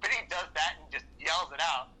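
A man co-hosting a casual movie-review podcast, excitable and profane, often acting out lines from the film. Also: fairly high pitch, a little fast, husky, rough recording. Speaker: podcast co-host.

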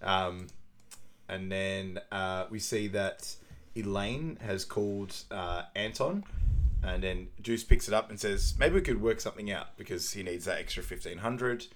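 A man's voice: low voice, a little slow, slight background noise. A man co-hosting a podcast, summarising film scenes in easygoing chat with many fillers and frequent laughs. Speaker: podcast co-host. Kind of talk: casual film recap chat.

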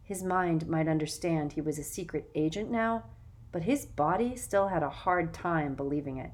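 A woman narrating a children's novel in a measured, expressive way. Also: low voice. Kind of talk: audiobook narration.

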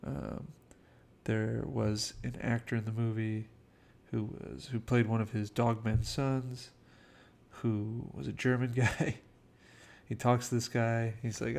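A man's voice: mid-range voice, level tone, a little slow, gravelly, darkish tone. A man casually telling behind-the-scenes film anecdotes in a chatty way, acting out quotes. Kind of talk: casual storytelling commentary.

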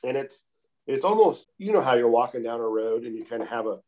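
A man calmly telling a long outdoor story in a casual interview, with many repeated "I said" tags. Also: medium pitch, muffled recording. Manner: calm, unhurried, repeats "I said" often.

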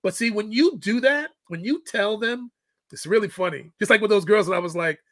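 A man's voice: high-pitched, a little fast, a bit bright, dry recording. A middle-aged man and father telling a parenting story in casual chat, acting out the quoted lines. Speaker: guest, fitness coach and father.

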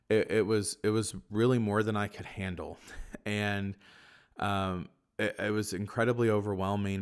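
A young man, a Catholic priest, telling his personal story in a reflective way, with many fillers and soft laughs. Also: fairly low pitch. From Kentucky, USA. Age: young adult. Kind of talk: personal testimony in conversation.

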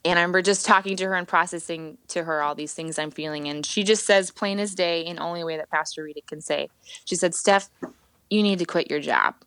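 A woman in her thirties, a worship leader, telling her faith story on a podcast guest spot in a lively, expressive way, acting out what she once said. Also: on the low side, fast, clear, resonant tone, dry recording. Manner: animated storytelling, acts out her own past words. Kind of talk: candid personal testimony.

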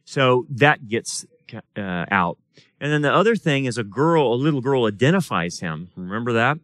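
A male pastor leads a Bible study in a church or study room, speaking casually, asking the class questions, and acting out voices in quoted dialogue as he preaches. His mid-range voice is a little bright with lively intonation and a moderate pace, captured in a dry recording.

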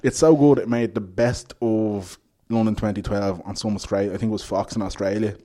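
An Irish man telling animated, laughing stories as a guest in casual podcast chat. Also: lowish voice, brisk. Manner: animated storyteller, laughs often.

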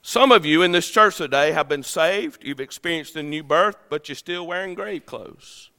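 A male pastor delivers a sermon in a church, his voice high and bright. He swings between loud, ringing declarations and hushed, low phrases. The sound carries a long reverb from the large sanctuary. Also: moderate pace. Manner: preaching with dramatic swings in pitch and loudness.

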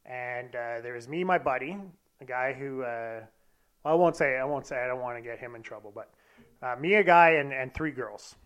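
A man's voice: mid-range voice, moderate pace, a bit bright, highs cut off. A young man casually telling a candid, profane, self-deprecating story about himself. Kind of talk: casual anecdote monologue.

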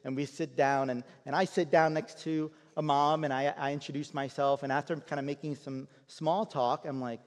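A man's voice: fairly high pitch, fairly even intonation, moderate pace, few pauses. A man preaching a sermon as a pastor, telling a story in a conversational way and often repeating words as he restarts a phrase. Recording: long hall reverb.

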